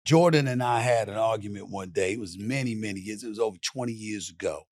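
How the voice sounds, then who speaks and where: A loud, passionate middle-aged man on a casual interview show. He talks like a sports commentator who hammers every point home and acts out old exchanges as he tells them. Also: fairly low pitch, fast.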